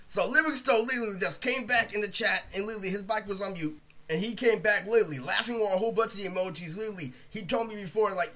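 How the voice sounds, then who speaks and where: High, bright-voiced ranting young man. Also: very fast. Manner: rambling, profane, keeps saying "literally". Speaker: video creator. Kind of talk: casual storytime rant.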